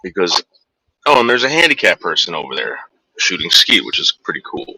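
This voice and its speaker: Bright-voiced man vlogging from his car. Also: very animated, a little fast, slightly rough, no echo, low-quality recording. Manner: soothing his dogs in a higher coaxing voice. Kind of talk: casual vlog commentary while driving.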